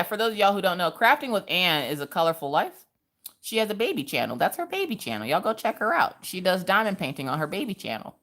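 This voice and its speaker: A woman chatting casually on a craft livestream, reading viewer comments with animated, laughing reactions. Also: fairly low pitch. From Pennsylvania. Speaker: livestream host.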